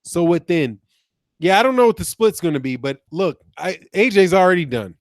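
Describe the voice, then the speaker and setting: A man's voice: high voice, animated, moderate pace, no echo. A man hosting a casual boxing livestream, reading the chat aloud and mocking commenters with profane, laughing banter. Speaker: boxing channel host.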